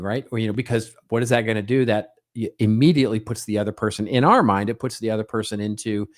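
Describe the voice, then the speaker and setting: A middle-aged man talks through ideas alone on his podcast, in a lowish voice. He keeps things conversational, checks in with a quick "right?", and slips into short acted-out snippets of everyday small talk. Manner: conversational, frequent "right?" tags, acts out small quoted exchanges. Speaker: podcast co-host. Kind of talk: solo podcast monologue.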